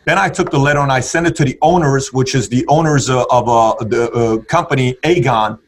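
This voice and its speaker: Fast-talking husky man telling stories. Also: medium pitch. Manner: emphatic, acts out dialogue in different tones. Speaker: podcast guest. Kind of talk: animated personal storytelling.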